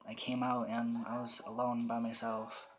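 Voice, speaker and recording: Flat-voiced teenage boy telling his story. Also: mid-range voice, moderate pace, crowd noise. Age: teens. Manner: quiet, somber, plainly spoken. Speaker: storyteller recounting coming out. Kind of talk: personal first-person story.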